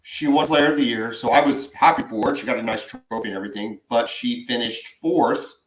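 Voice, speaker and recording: In an echoey room, a male co-host on a casual sports podcast rants with strong opinions. His voice is medium-pitched and his pace fairly quick.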